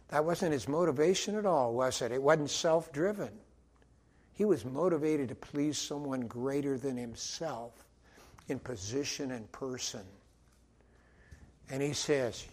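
A man delivering a sermon with a slightly high voice. He preaches with animation, acting out quotes and swinging between loud emphasis and quiet asides. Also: unhurried, long pauses. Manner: animated, acts out quotes, rises and drops in volume.

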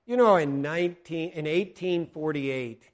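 An American man from Colorado preaching a sermon, swinging between loud exclamations and hushed, earnest asides. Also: a little high, a little slow. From Colorado, United States.

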